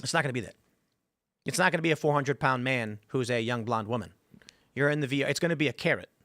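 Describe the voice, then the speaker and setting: A man hosting a talk show, talking fast and telling animated stories full of quoted voices. His voice is mid-pitched and sits in a dry, close-miked room. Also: no room sound. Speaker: host. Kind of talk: casual panel talk show.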